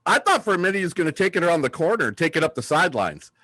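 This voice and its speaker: A man in his fifties from southern California co-hosts a casual sports podcast, spinning stories with excitement. His voice sits a little high, and the recording is dry and close. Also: very fast, no echo. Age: 50s. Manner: excitable storyteller, acts out quotes loudly. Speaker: podcast co-host.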